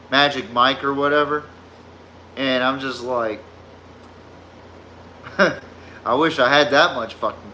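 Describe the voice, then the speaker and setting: A man's voice: mid-range voice, sharp tone, a little hiss or hum. A man with a Southern US drawl hosting a casual sports podcast, telling rambling, profane stories. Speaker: podcast host.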